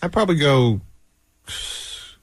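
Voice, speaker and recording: A man with a husky, lively voice chimes into a radio conversation, recorded close and dry. He is laid-back, asking pointed questions. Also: on the high side, takes it slowly, no room sound. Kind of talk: casual radio banter.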